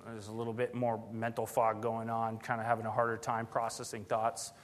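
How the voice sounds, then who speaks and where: A man preaching a sermon to his church in a conversational, digressive way, swinging between loud and hushed. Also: medium pitch, completely flat delivery, a little fast. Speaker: pastor.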